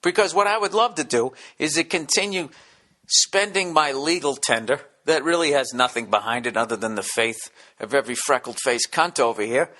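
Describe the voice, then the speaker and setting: A man delivering a profane, rambling comedic rant as a podcast host, dropping now and then into hushed whispers. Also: mid-range voice, moderate pace. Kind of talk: casual comedic monologue.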